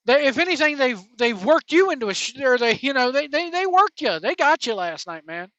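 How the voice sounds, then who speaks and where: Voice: high voice, very animated, a little fast, fairly bright tone, no room sound. A wrestling show host giving casual, informal commentary with slangy, emphatic phrasing. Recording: dull lo-fi, dry.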